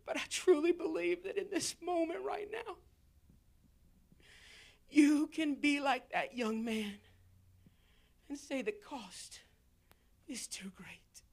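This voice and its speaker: A woman preacher giving an emotional altar-call sermon, swinging between tearful shouts and hushed whispers, recorded in a church. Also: high-pitched, vocal fry. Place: church sanctuary.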